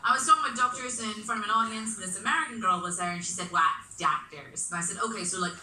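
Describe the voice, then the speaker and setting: Belfast woman, stand-up comic, self-mocking, ringing bright voice, roomy far-off sound. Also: medium pitch, very fast, a little hiss or hum. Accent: middle-class Belfast. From Belfast, Northern Ireland. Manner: wry, self-mocking, punchy delivery. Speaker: stand-up comedian. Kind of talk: live stand-up set. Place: comedy club stage. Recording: echoey club room from far off.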